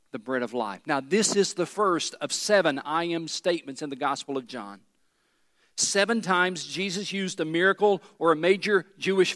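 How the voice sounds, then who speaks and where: A man's voice: a little high, a bit bright. A man preaching a sermon as pastor in a large church, emphatic and calling out questions to the congregation. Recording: long hall reverb in a large church.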